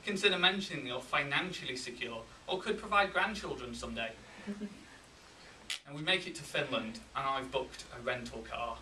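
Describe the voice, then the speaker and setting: A man with a Yorkshire accent giving a humorous contest speech, with deadpan timing and pauses for laughs. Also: mid-range voice, a little hiss or hum. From England. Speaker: contest speaker. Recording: roomy hall, mic from a distance.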